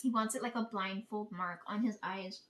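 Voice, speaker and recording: A woman's voice: medium pitch, fairly even intonation, normal speed, fairly bright tone. A woman telling a story in a casual, chatty way, swearing freely and often breaking into laughter. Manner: chatty, profane, laughs while retelling. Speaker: channel host. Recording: voice somewhat distant from mic.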